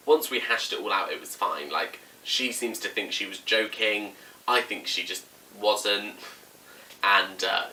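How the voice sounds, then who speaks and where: A young vlogger's lowish voice comes across pushed and bright as he chats through a personal story to camera. He leans heavily on "like" and acts out what people said. There's faint room noise, and the mic is a bit far away.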